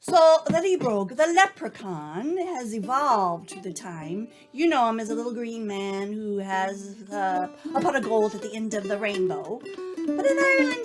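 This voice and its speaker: A woman co-hosting a show and telling folktales with a playful, drawn-out delivery. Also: medium pitch. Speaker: storyteller and co-host. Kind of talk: folktale storytelling with banter. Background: guitar music.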